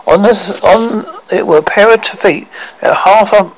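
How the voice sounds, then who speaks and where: Gravelly man reading a storybook haltingly. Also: high voice, poor audio. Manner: halting reading, frequent stumbles and self-corrections. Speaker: narrator.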